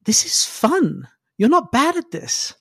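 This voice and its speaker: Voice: high voice, wildly swooping pitch, slow, fairly bright tone, breathy edge, no echo, studio quality, voice pushed up, exaggerated voice. A game master voicing a smug, condescending male villain who taunts the players. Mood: smug taunting. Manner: teasing, condescending.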